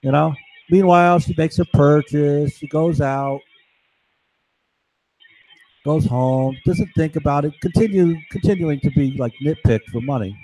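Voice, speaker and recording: A man's voice: on the high side, measured pace, dark tone, no room sound, low-quality recording. A man talking in a rambling, conspiratorial monologue to camera, acting out other people's voices as he goes. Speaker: vlogger.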